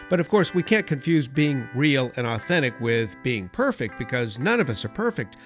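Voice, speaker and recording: A man's voice: mid-range voice, big pitch swings, normal speed, soft background music. A man hosting a Christian talk show, speaking in an earnest, preacherly way. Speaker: host.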